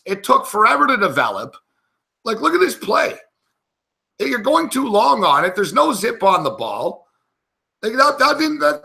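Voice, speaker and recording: A man reacts live to a football game, cursing at every bad play. His voice sits fairly high and sounds bright and edgy. His pitch jumps all over as his frustration builds. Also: gravelly. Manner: frustrated, profane ranting at the game. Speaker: sports betting analyst.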